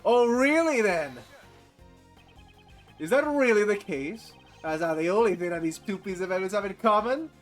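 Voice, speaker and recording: A man voicing an excitable, insecure young male prosecutor from a game, loud, boastful and whiny. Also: high-pitched, moderate pace, soft background music. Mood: triumphant. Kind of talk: reading game dialogue aloud.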